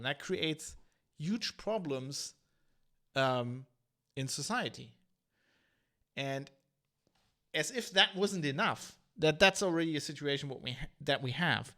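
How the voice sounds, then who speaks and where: This solo podcast host, a tech journalist, has a voice on the high side with a fairly bright tone. He shares his views conversationally and opinionatedly, thinking out loud with lots of hesitation, fillers, and false starts.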